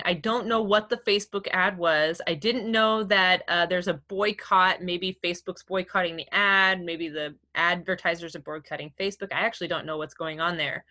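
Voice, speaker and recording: A woman's voice: on the low side, bright, forceful tone. A woman teaching a class over a video call, casual and chatty, with many fillers and easy laughs. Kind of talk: online class lecture.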